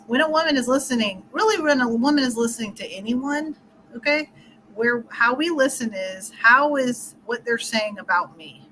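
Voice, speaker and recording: Bright-voiced chatty woman coach. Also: on the high side, lively intonation, normal speed, slight background noise, low-quality recording. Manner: chatty, explains with scenarios and laughs often. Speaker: relationship coach. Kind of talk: casual interview talk.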